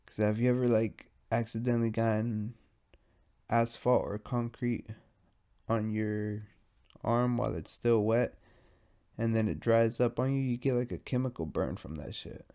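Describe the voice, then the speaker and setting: Stoned, gravelly man rambling on his podcast. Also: mid-range voice, steady tone, a little slow, warm tone. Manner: rambling, profane and self-mocking. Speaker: podcast host. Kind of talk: casual solo podcast monologue.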